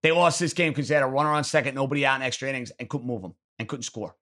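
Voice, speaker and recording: A man's voice: medium pitch, very fast, pushed and bright. A man hosting a sports call-in show, answering callers with blunt, emphatic opinions. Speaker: sports talk show host.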